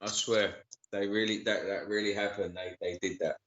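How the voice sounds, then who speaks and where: A sweary man chats on a casual live stream and shouts out viewers by name. His voice sits fairly low. The audio is dull and lo-fi. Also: little pitch movement, moderate pace. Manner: sweary, greets viewers by name, uses slang like geezer and bruv. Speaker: livestream co-host.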